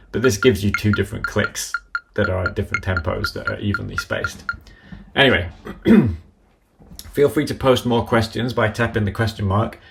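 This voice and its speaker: Gravelly-voiced man walking through a tutorial. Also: lowish voice. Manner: methodical, talks through each step as he works. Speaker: app developer demonstrating software. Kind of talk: live-streamed software tutorial.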